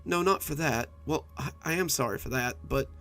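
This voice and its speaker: A man's voice: mid-range voice, moderate pace, a bit bright, close to an everyday voice. A man voicing a small, fearful male monster hiding under a child's bed, who sounds like a scared kid and talks in a pleading, blustering way.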